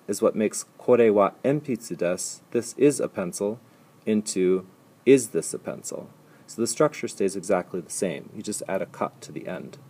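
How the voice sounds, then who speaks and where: A man teaching a language lesson over slides, explaining step by step and repeating example sentences slowly and patiently. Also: on the low side, animated, a little mellow, breathy edge. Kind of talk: recorded slide lecture.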